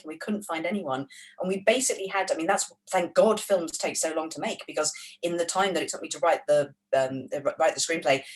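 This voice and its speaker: A middle-aged English woman whose Wolverhampton accent has had its edges worn down by years in London. She answers on a video call in a fast, energetic rush, full of swearing and comic asides, and her voice sits a little low. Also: rough recording. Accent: English, Wolverhampton edges softened by London. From England. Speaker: author and screenwriter. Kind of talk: animated interview answers.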